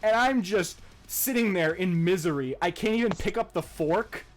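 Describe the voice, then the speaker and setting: A man's voice: high voice, normal speed. Profane young man telling a story. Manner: profane, laughing, animated retelling. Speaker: podcast co-host. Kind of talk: casual storytelling.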